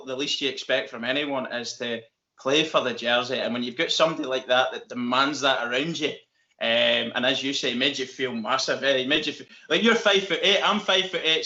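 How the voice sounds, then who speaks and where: A Northern Irish man hosting a casual interview, eager and chatty, quick to laugh. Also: mid-range voice, pushed and bright, reverberant, muffled recording. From Northern Ireland. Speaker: interview host.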